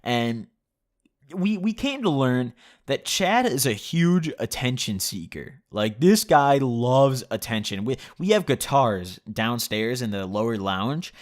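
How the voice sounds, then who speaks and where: A man's voice: mid-range voice, animated, slow pace. A young man tells a story at a loose, easy pace. He chuckles often and swears freely, and he fills his talk with "like" and "you know". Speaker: vlogger. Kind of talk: casual storytelling.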